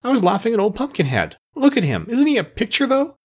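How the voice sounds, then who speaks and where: A man voicing a mischievous young boy in an audiobook, in a raised, husky voice. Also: extremely high pitch, wildly swooping pitch, fast talker, pitched above the performer's own voice, exaggerated voice. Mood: playful protest. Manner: protesting, playful. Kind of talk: audiobook character voice.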